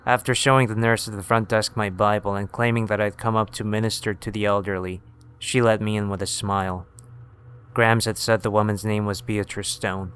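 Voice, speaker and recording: A man narrating a first-person horror story in a steady, scripted storytelling manner. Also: lowish voice, moderate pace, clear, resonant tone.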